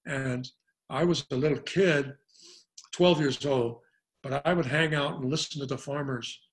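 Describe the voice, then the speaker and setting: An older man from Arkansas, a guest actor in an interview, telling long anecdotes and acting out the lines of the people in them. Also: medium pitch. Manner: animated storyteller, acts out quoted dialogue.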